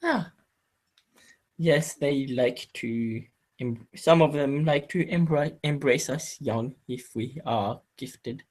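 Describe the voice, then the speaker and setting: A man's voice: mid-range voice, takes it slowly. A man voicing a coy, childlike female vampire in a tabletop role-play, speaking in a sweet, girlish way.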